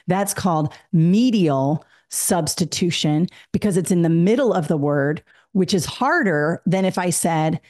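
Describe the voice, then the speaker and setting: Woman with a low voice teaching test prep. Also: a little mellow. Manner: explains step by step, modeling classroom prompts. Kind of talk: exam prep lesson.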